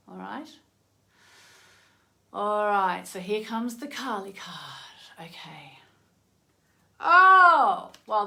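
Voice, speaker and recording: Slow-talking bright-voiced woman astrologer. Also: mid-range voice, creaky. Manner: chatty, easily sidetracked, effusive. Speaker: astrologer hosting a live stream. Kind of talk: casual live-stream chat, reading oracle cards.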